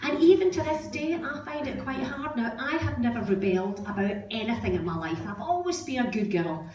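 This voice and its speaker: A woman's voice: fairly high pitch, animated, brisk, a crowd in the background. A middle-aged Scottish woman doing stand-up comedy, a chatty, self-mocking storyteller. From Scotland. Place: comedy club stage. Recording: roomy stage sound, distant mic, audience laughter. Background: audience laughing.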